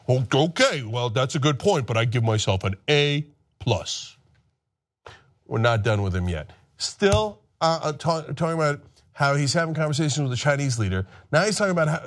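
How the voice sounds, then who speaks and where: A man hosting political commentary, ranting sarcastically and mocking others in put-on voices. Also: fairly high pitch.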